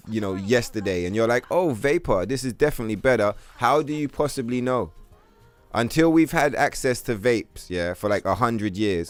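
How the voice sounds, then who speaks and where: Foul-mouthed male streamer, rambling. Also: medium pitch. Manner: profane, rambling rant, heavy on "bro" and "like". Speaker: streamer playing a video game. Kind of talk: casual livestream commentary.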